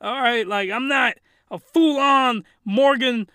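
A man's voice: very high voice, slow pace, pushed and bright, clean tone, no room sound, pitched above the performer's own voice, full character voice. A man voicing a young female succubus in training, keeping close to his own voice with a casual, slangy delivery. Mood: offhand.

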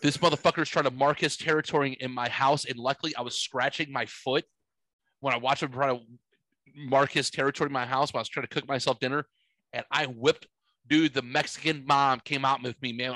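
A 40-something man with a medium-pitched voice talks briskly through a long, rambling tale in casual chat, full of swearing and animated delivery. The low-quality recording has no room sound.

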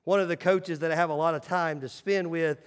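A male pastor preaching a sermon in a church, emphatic, swinging between loud calls and hushed asides. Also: on the high side, fairly even intonation, fairly quick, clear, resonant tone, long reverb tail. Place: church sanctuary.

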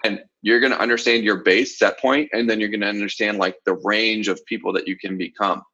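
A man from the Southern US coaching confidently in a casual podcast chat, with animated asides. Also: fairly low pitch, brisk, breathy edge, lo-fi sound. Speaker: sales coach, podcast co-host.

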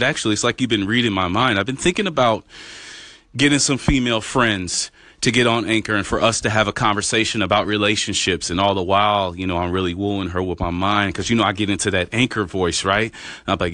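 A man chatting playfully, his low but bright voice leaping around as he jokes. The sound is dry and close, with no room around it. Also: dry recording. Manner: animated and playful, swings into big goofy voices. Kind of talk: casual chat.

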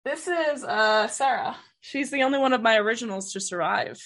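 A woman's voice: a little high, normal speed, a bit bright. Chatty rambling woman podcast host. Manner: rambling, laughs often. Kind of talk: casual chat.

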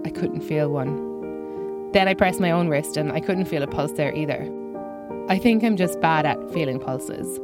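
Deadpan woman telling a story over music. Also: deep voice, moderate pace. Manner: dry, self-mocking humor. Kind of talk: scripted personal story.

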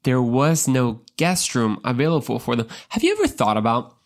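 A man's voice: mid-range voice, sing-song, moderate pace. Joking man teaching the Bible. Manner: joking, conversational, repeats words as he talks. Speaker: podcast preacher.

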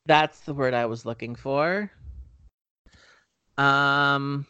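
A man's voice: medium pitch, drawn-out words, bright, forceful tone, clean tone, dry recording, lo-fi sound. Rambling man on a podcast, dry sound. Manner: rambling, heavy on "um" fillers. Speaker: podcast co-host. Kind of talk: casual movie-review chat.

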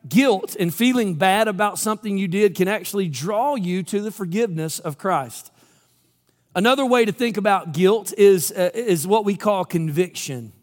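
A man from Georgia, preaching a sermon in a storytelling way and acting out the quoted lines. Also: high voice. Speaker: pastor. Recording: long hall reverb.

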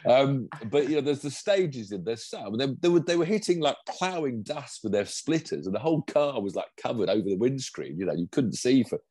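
A man's voice: medium pitch, very animated, fairly quick, few pauses, mellow, breathy edge, no echo. An older man chatting on a podcast, enthusiastic and rambling, often restarting his sentences. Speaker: podcast co-host and pundit. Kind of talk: casual chat.

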